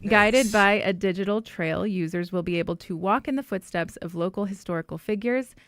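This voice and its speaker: A woman co-hosting a podcast, reading local news briskly and laughing easily at her own slips. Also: mid-range voice, no echo, clean studio sound. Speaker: news co-host.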